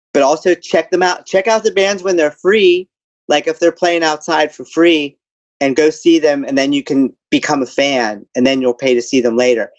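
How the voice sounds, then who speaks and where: A man, a guest on a podcast call, talking easily in a middle-pitched voice. He hedges with "like" and drifts through his points at an everyday pace. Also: lo-fi sound. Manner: easygoing, hedging with "like". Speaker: music journalist guest. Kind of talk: casual interview chat.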